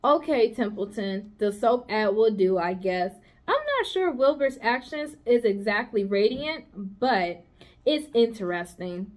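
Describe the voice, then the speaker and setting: A woman voicing a gentle, clever female barn spider in a storybook read-aloud, patient and coaxing as she gives orders kindly. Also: mid-range voice, expressive, measured pace, lightly acted.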